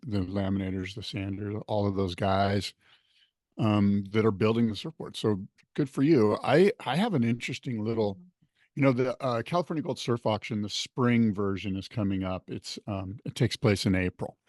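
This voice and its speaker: A man's voice: on the low side, moderate pace, no room sound, clean studio sound. A man co-hosting a podcast, chatting casually and asking curious, affirming questions. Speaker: podcast co-host. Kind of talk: casual chat.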